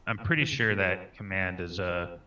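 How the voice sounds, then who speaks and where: A man's voice: low voice, fairly even intonation, moderate pace, pushed and bright, recorded from a distance, lo-fi sound, slight background noise. A man playing a tabletop game, talking through his turn in an easygoing way. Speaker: player. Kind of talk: casual tabletop play.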